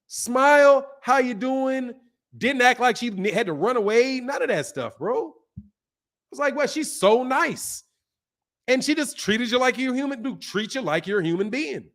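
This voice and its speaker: A man with a high-pitched voice, talking casually on a boxing channel stream. He rambles through anecdotes in a loose, slangy way, peppering his talk with "bro" and "man". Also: a bit bright. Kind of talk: casual live-stream chat.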